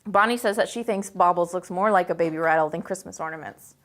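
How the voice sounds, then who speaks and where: A woman's voice: fairly low pitch, quick pace. A woman hosting a live chat in a chatty, upbeat way, reading out viewer comments and rambling on with lots of "you know" and "like" while a quilt hangs behind her indoors. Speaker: host.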